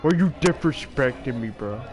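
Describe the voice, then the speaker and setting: A man's voice: medium pitch, expressive, normal speed, darkish tone, soft background music, natural voice. A man voicing an indignant young man who is dead serious.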